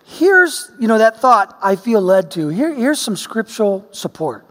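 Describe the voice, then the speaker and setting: Middle-aged male preacher, high voice, animated storyteller, long hall reverb. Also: measured pace. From Oregon, US. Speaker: pastor. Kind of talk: sermon with personal story.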